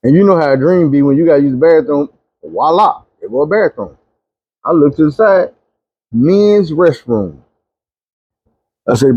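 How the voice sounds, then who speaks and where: A man telling a long dream story, animated, dropping low and quiet when he pleads. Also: moderate pace, pauses often, slightly rough, no echo, dull audio. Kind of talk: recounting a dream testimony.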